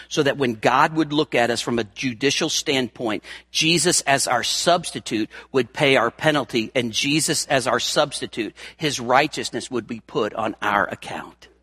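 Bright-voiced male pastor preaching. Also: mid-range voice, husky. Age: 50s. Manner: dynamic preaching, swinging from hushed to raised. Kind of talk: sermon.

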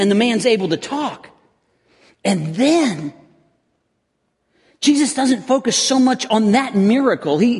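A man's voice: sits high, darkish tone, breathy edge. A man preaching a sermon as a pastor, earnest and building to intense emphasis, with frequent restarts. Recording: long reverb of a hall.

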